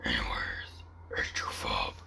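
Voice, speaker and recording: A man voicing a gravelly whispering male survivor in a deep raspy Venom-like whisper, as whispered role-play for a drawing video. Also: a little slow, exaggerated voice. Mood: brooding. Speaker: narrator character.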